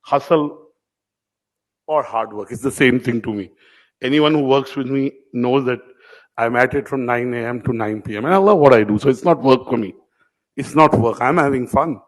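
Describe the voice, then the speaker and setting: A man's voice: mid-range voice, normal speed, low-quality recording. Middle-aged man, anecdotal and informal on stage. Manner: conversational, anecdotal, addresses audience members by name. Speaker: media company owner addressing award winners. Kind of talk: informal keynote speech. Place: event hall.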